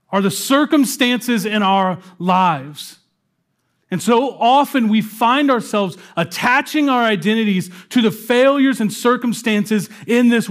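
A man pastor preaching a sermon in a conversational way, slowing down for dramatic pauses. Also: sits high.

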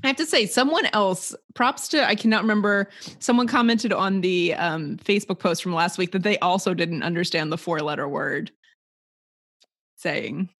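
A woman's voice: on the low side, normal speed, fairly bright tone. A woman co-hosting a casual podcast chat over a video call, easygoing and wry. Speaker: podcast co-host.

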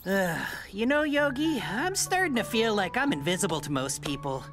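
A man's voice: high voice, very animated, normal speed, fairly bright tone, faint music behind, voice pushed up, exaggerated voice. A man voicing a lonely, self-pitying cartoon character who sighs about feeling invisible. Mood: mopey.

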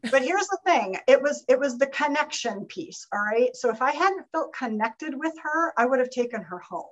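A woman guest on a webinar, telling an animated, lively anecdote. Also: high-pitched, normal speed, highs cut off. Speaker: guest speaker. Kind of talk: webinar storytelling.

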